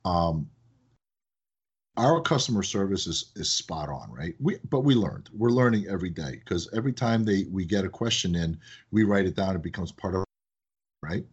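A man who owns a business, chatting in a casual podcast and telling animated stories that act out his phone calls. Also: sits low, moderate pace, slightly rough, highs cut off. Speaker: business owner, guest.

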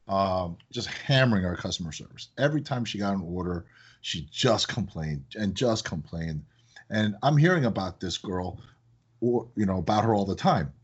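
Husky, lively-voiced man telling stories. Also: low-pitched, normal speed, lo-fi sound. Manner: animated storyteller, acts out phone calls. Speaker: business owner, guest. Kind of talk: casual podcast chat.

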